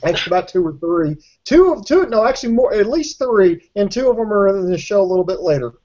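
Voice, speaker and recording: A man's voice: sits high, animated, fast, darkish tone. A man from Alabama co-hosting a casual wrestling review show, dry and sarcastic. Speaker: podcast co-host. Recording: dull lo-fi audio.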